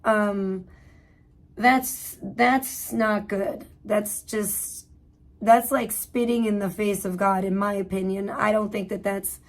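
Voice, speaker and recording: A woman's voice: medium pitch, level tone, takes it slowly. Blunt, profane woman streamer. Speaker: livestream host. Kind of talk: casual livestream commentary.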